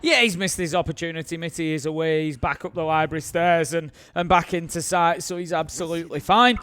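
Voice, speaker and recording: High-voiced British esports co-caster. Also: male voice, fairly even intonation, brisk, smooth. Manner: analytical, breaks into shouts on clutch plays. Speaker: esports analyst. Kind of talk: color commentary.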